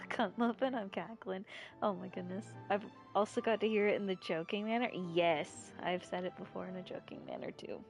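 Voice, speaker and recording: A woman's voice: medium pitch, fairly quick, gravelly. A woman streamer with a rural American accent, chatting in a rambling, giggly, irreverent way. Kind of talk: casual live-stream chat. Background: faint game music.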